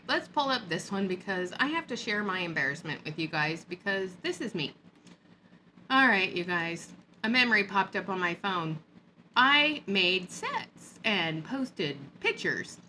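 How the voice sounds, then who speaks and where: A woman's voice: medium pitch, expressive, unhurried, sharp tone, a little hiss or hum. A woman vlogger giving a sarcastic, mocking rant in a hot upstairs room. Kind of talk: ranting commentary vlog.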